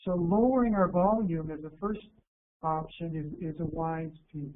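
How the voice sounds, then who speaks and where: A man from the United States giving an instructional workshop talk to teachers, calm and deliberate, slowing down to stress key words. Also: on the high side. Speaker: teacher educator presenting a workshop. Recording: narrow phone-like sound with faint hiss.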